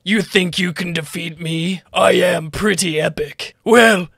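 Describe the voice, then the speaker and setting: A man voicing an arrogant alien prince from an anime, in a gravelly, strained voice. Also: sits high, measured pace, fairly bright tone, dry recording, clean studio sound, heavily acted. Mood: haughty.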